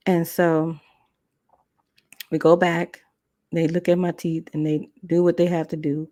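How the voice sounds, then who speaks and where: Animated woman telling a personal story. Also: unhurried, pauses often, dry recording, clean studio sound. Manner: animated, acts out quotes with big pitch jumps; conversational, colloquial, with restarts. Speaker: podcast host.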